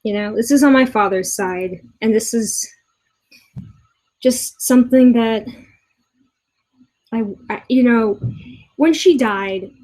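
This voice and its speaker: Exasperated young woman ranting, halting. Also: a little high, darkish tone, rough recording. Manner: exasperated, halting with many restarts, swears often. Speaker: vlogger. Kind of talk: ranting commentary video. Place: a room in her boyfriend's house.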